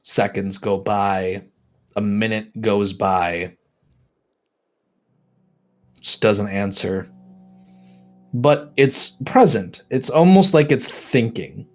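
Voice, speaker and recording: A man narrating a tabletop game as game master, describing scenes in a halting way with many restarts. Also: fairly low pitch.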